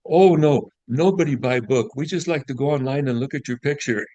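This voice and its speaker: A man's voice: mid-range voice, animated, moderate pace, a little mellow, no echo, pitched above the performer's own voice, lightly acted. A man putting on a cheery Russian gym lady. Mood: cheery, blunt. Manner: cheerful, blunt, clipped broken English. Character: friendly Russian woman gym employee, broken English.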